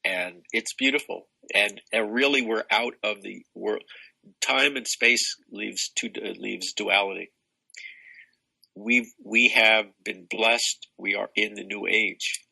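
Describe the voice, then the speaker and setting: Older man, spiritual teacher, expansive and rambling, low pitch, sharp tone. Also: gravelly, slightly rough, rough recording. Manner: expansive, rambling, many restarts. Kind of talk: casual spiritual conversation.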